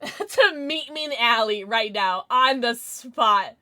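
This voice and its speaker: A woman live streamer chatting casually with her viewers, chatty and quick to swear. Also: on the high side. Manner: chatty, lively, swears freely.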